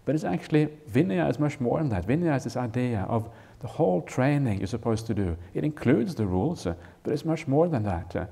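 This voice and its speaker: A man, a Buddhist monk, giving an unhurried Dharma talk on a scripture, with frequent "uh" fillers and "right?" checks. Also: medium pitch, expressive, vocal fry, warm tone, slightly rough. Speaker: Buddhist monk teaching a retreat. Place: retreat hall.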